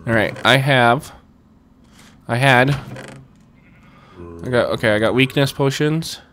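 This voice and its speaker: A man hosting a Minecraft let's play, chatting casually and muttering to himself as he plays, getting loud and excited when he pleads. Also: mid-range voice, a little slow, pauses often, faint music behind. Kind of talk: casual gameplay commentary.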